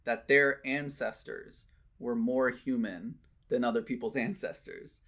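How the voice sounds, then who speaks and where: A man's voice: medium pitch, steady tone, a little slow, fairly bright tone. A man in casual conversation, talking in an earnest, thoughtful way with frequent restarts and fillers. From United States.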